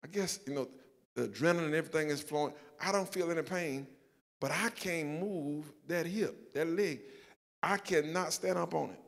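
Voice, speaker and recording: Gravelly older Southern pastor in a reverberant church. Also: male voice, on the high side, normal speed. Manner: animated, self-mocking storytelling with acted-out quotes. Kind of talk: storytelling sermon. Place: church sanctuary.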